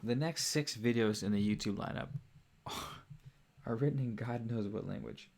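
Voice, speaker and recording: A man's voice: medium pitch, normal speed, gravelly, darkish tone. Giggly rambling man chatting late at night. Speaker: channel host. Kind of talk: casual late-night livestream chat. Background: faint music.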